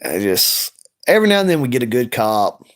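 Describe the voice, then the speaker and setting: A man's voice: medium pitch, sing-song, brisk. A man ranting bluntly and rambling on a late-night livestream from home, swearing often. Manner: blunt, rambling, heavy profanity. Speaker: livestream host.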